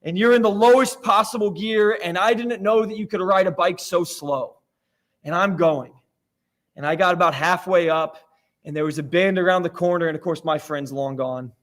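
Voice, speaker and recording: A man's voice: sits high, normal speed, fairly bright tone. A man from Florida preaching a sermon in a church, telling stories in a conversational, self-deprecating way. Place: church sanctuary.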